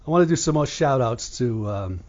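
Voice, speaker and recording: A man's voice: mid-range voice, lively intonation, a little fast, a little mellow, lo-fi sound. An older man from England hosting a radio show, talking in a blunt, profane, rambling way.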